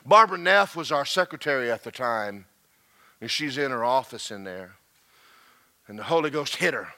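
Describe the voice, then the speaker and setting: A man preaching a sermon, swinging from low murmurs to shouted passages. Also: animated, normal speed. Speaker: pastor.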